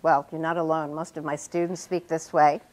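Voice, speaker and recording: A woman's voice: low voice, flat delivery, moderate pace, darkish tone, close to an everyday voice. An actress playing an established woman writer who lectures her student with precise, pointed speech in a stage scene. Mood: lecturing. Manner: lecturing, precise, wide-ranging inflection. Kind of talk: stage scene performed on a talk show.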